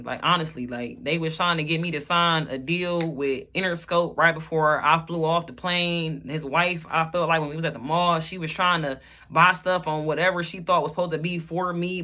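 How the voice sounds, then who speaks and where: Pushed and bright, this mid-range voice belongs to a rapper recounting something personal on camera. The telling is emotional and wandering, with "like" in almost every phrase, repeated lines, and occasional rushing.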